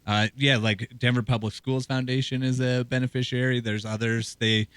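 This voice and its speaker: A man co-hosting a sports talk show as a hockey reporter, talking in a loose, rambling way with a hoarse, scratchy throat. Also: mid-range voice, flat delivery, moderate pace, a bit bright, no echo. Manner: loose, rambling conversational delivery.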